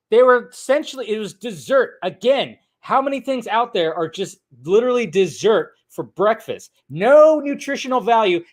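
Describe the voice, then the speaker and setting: A man hosting a casual movie news livestream, rambling loosely and laughing often as he swears. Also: sits high. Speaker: movie news channel host.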